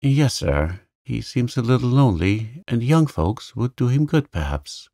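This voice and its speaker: A man's voice: medium pitch, very animated, unhurried, gravelly, warm tone, no echo, studio quality, pitched above the performer's own voice, exaggerated voice. A man voicing a blunt, eager teenage girl who answers politely and briefly. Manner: polite, short answers ending in "sir".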